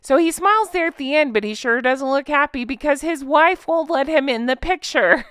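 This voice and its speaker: Woman commentary host, fairly high and smooth voice, dry close sound; chatty, sarcastic, full of questions to the audience. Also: lively intonation, moderate pace, fairly bright tone, dry recording. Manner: sarcastic, mocking asides; talks straight to viewers, lots of rhetorical questions. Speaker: commentary vlogger. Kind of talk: chatty gossip commentary to camera.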